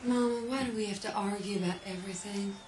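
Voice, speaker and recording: A woman's voice: mid-range voice, fast talker, noisy background, close to an everyday voice. An actress playing a grown daughter who answers her mother in a proper, defensive way.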